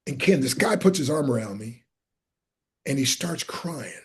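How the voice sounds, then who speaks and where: A middle-aged man telling personal stories in an interview, acting out the people in them and sometimes shouting. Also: mid-range voice, expressive, moderate pace. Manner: acts out voices in his stories, sometimes shouting. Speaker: guest speaker. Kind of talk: animated storytelling.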